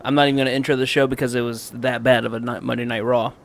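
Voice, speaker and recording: A man's voice: mid-range voice, little pitch movement, very fast, very noisy. A man hosting a casual podcast, talking in an upbeat, blunt way with frequent laughs. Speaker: podcast host. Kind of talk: casual wrestling review chat.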